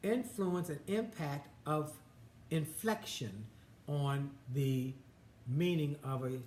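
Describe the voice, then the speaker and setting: A man in his fifties gives marriage advice in a halting way, often restarting and repeating his words. His voice sits a little high for a man. The room rings with echo, and a faint ambience hums underneath. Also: darkish tone, a little hiss or hum. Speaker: co-host. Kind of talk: casual advice chat.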